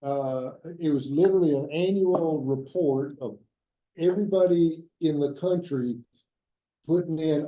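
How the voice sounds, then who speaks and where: A man's voice: fairly high pitch, measured pace, reverberant. Playful man telling an anecdote. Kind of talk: panel discussion. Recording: distant mic, dull lo-fi sound.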